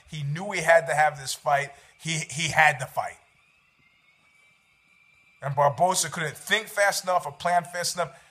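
A man's voice: a little high, fairly bright tone. Rambling sarcastic New man. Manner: rambling, sarcastic, swears freely, many restarts. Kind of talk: casual chat about fights.

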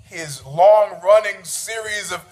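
A middle-aged-sounding man with a notably high voice rants his way through a story, casual and profane. Sarcastic and needling, he often laughs at his own jokes, speaking slowly in a slightly mellow tone.

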